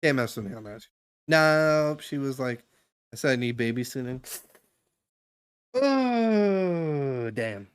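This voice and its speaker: Young guy on a stream rambling advice, lots of likes and restarts, average pitch. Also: expressive, takes it slowly, long pauses, smooth. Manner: rambling, loose, with many fillers and restarts. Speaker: live streamer. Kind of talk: casual chat giving advice.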